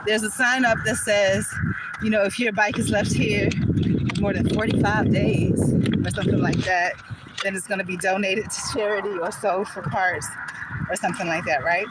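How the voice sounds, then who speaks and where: Out of breath woman vlogging on the street, rambly and chatty, loud traffic all around. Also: mid-range voice, fairly even intonation, normal speed. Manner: chatty, rambling, many fillers. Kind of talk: casual storytelling vlog. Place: outdoors on a street, walking a bike. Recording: loud outdoor street noise.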